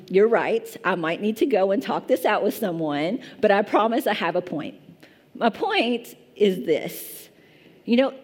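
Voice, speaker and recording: A woman's voice: medium pitch, darkish tone. A woman pastor in her thirties from Kentucky with a strong Kentucky accent, preaching a chatty, self-deprecating sermon. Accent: Eastern Kentucky.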